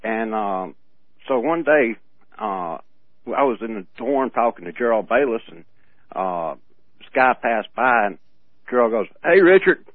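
A man co-hosting a radio show in casual chat, telling rambling stories with halting restarts and frequent laughs. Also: fairly low pitch, no room sound. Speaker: radio co-host. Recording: tinny phone-like radio audio.

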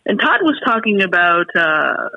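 A woman calling in to a talk radio show, talking in halting, emotional, frustrated bursts with many restarts. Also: lowish voice, sing-song, creaky, pushed and bright, slightly rough, dry recording. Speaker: caller. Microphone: telephone. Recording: tinny phone line.

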